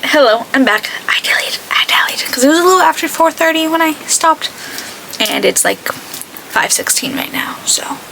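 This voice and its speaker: A woman's voice: fairly high pitch, gravelly, sharp tone, slight background noise, poor audio. Chatty young woman, rambling makeup vlog. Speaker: beauty vlogger. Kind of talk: casual chat while doing makeup.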